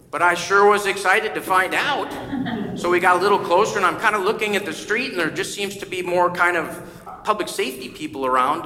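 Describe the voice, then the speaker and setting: A man's voice: a little high, pushed and bright, a little hiss or hum. A male pastor preaching a sermon in a church, telling a story conversationally and acting out the voices he quotes. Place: church sanctuary. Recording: echoey church hall with faint ambience.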